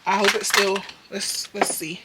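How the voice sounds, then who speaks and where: A young woman doing her makeup while chatting to her viewers, candid and profane, slipping from muttered whispers into loud bursts. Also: mid-range voice, level tone, unhurried, heavy background noise. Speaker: beauty vlogger.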